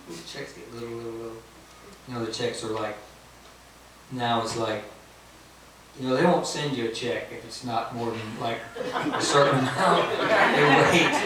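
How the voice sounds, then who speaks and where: Between songs at a house concert, a man who writes and sings his own material pokes fun at himself in a story and laughs at his own punchlines. His voice sits in the mid range against a noisy background. It's captured from far away in a reverberant room, with acoustic guitar playing behind him.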